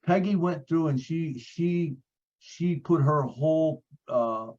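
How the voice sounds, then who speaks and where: A man's voice: on the high side, slow, darkish tone, highs cut off. A man sharing a personal story on a video call, earnest, repeating phrases, with many fillers. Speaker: support group member.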